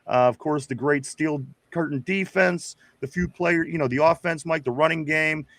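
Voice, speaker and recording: A man's voice: on the high side, normal speed, fairly bright tone, no room sound. A man co-hosting a casual sports podcast, reading viewer comments and talking loosely, with swearing and laughs. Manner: loose and profane, laughing, addresses co-host often.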